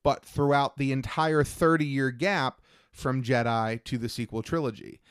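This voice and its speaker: A man's voice: medium pitch, fairly even intonation, a little slow, clear, resonant tone, no echo, studio quality. A young man chatting as a podcast co-host, enthusiastic and acting out quoted lines. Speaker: podcast co-host discussing films. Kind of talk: casual chat.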